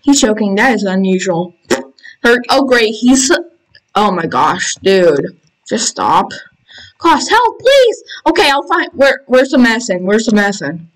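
Slow-talking excitable gamer woman. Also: medium pitch, poor audio. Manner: excitable, reads game text aloud, squeals in panic. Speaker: gaming channel host. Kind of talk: casual let's-play commentary.

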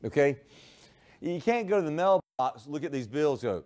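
A male high school history teacher giving a classroom lecture, telling a playful story and calling on students by name. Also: animated, normal speed, a little mellow. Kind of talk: classroom lecture with humorous illustration.

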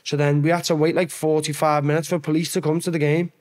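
A young man from Liverpool with a broad Scouse accent tells stories as a podcast guest. He talks in a loose, animated way and swears freely. His voice sits slightly higher than most men's. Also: fast. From Liverpool, England. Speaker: guest, former footballer. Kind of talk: casual storytelling.

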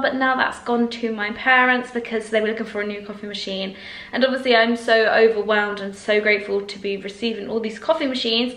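In a fairly high, fairly bright voice, a young woman chats in a casual home vlog from her flat. The lifestyle vlogger is out of breath, bubbly and effusive, and laughs frequently.

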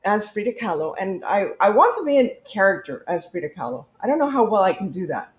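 A woman's voice: medium pitch, big pitch swings, fairly quick, echoey room. A woman hosting a craft livestream, playful and upbeat. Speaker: craft channel host. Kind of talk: livestream chat.

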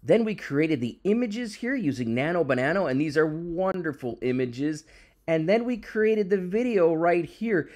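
A man walks viewers through a software tutorial in a casual, hyped-up way. His voice sits a little high and bounces around a lot. He keeps telling them how impressed they should be. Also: expressive, normal speed. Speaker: tech YouTube host. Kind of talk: screen-recorded software tutorial.

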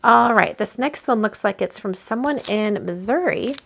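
Her voice a little high, animated, and gravelly, this woman hosts a relaxed card-making livestream at a moderate pace, gushing over viewer-sent cards as she opens her mail. She thinks aloud with many fillers, and a little hiss or hum is audible.

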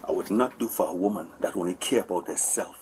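A man's voice: deep voice, fast, darkish tone. A man in his forties rambling to police officers, repeating himself and asking for agreement, recorded on a bodycam. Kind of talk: heated conversation with officers. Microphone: officer's body camera. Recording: distant bodycam audio with faint background noise.

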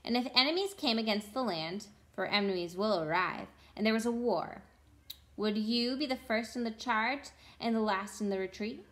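A woman's voice: fairly high pitch, moderate pace, a bit bright, lightly acted. Woman reading as a grave, kindly lion king. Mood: solemn. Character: great lion king, solemn and kind. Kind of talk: storybook read-aloud.

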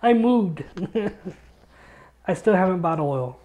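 Excitable swearing man on a podcast. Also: sits high, extremely slow. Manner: excitable storyteller, swears a lot. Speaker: podcast co-host. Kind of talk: casual podcast chat. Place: home studio.

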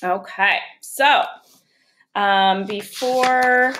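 A woman's voice: mid-range voice, very slow, fairly bright tone, slight background noise. A woman teacher giving a recorded phonics lesson to young children, patiently sounding out letters and syllables one by one.

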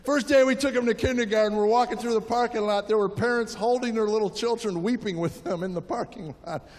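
Older male stand-up comic, high voice, live set in a reverberant hall. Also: brisk. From United States. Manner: storytelling with acted-out quotes. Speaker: stand-up comedian. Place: large hall with audience.

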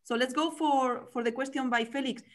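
A woman with a high voice hosts an online meetup over a video call. She moderates in a chatty, cheerful way. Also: steady tone, moderate pace. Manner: cheerful, chatty, laughs at herself. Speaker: meetup host.

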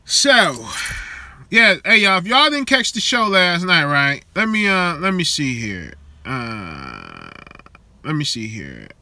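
Profane, bright-voiced man. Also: high voice, sing-song, unhurried, no room sound. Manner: profane, streetwise, talks straight to viewers. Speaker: live show host. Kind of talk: casual live-stream chat with viewers.

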